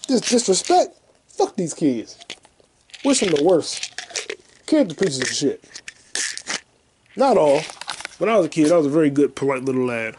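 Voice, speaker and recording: Guy doing a solo podcast, profane and silly, yelps up high a lot, voice jumps all over. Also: slight background noise. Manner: crude and jokey, bursts into loud high yelps and sound effects; profane, rambling storytelling. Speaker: podcast host. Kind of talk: casual solo podcast monologue.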